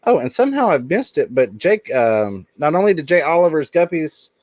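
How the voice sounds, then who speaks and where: A man's voice: a little high, very animated, normal speed, a little mellow, no room sound. A man hosting a casual livestream in an upbeat way, reading the chat aloud and thanking viewers. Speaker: livestream host.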